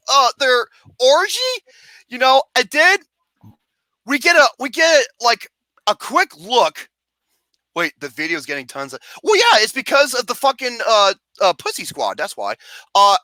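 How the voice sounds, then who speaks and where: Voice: high voice, bright, forceful tone, no echo. A film reviewer ranting profanely and acting out scenes with mock wails and singing.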